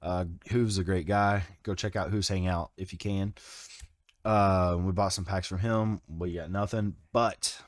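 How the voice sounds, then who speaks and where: A man's voice: low-pitched, steady tone, unhurried, no room sound, clean studio sound. A man co-hosting a livestreamed podcast, talking in a playful, slangy, teasing way. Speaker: podcast co-host. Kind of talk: casual livestream chat.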